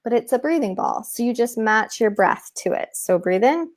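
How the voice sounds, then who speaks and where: A woman guest who teaches mindfulness to children, explaining techniques in an animated way in a casual interview. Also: a little high, moderate pace. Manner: animated, demonstrates with props and breathing.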